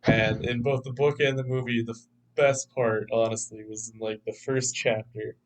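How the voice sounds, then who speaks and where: A man's voice: medium pitch, level tone, moderate pace, poor audio. A man co-hosting a film podcast, chatting casually, rambling and laughing as he talks. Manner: rambling, laughs often, acts out quotes. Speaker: podcast co-host. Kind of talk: casual chat.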